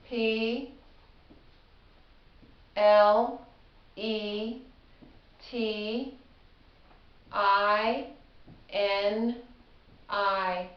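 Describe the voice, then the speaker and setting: A middle-aged woman teaching a casual spelling lesson, chatty and self-deprecating, sounding words out slowly. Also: mid-range voice. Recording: echoey room, slightly dull audio.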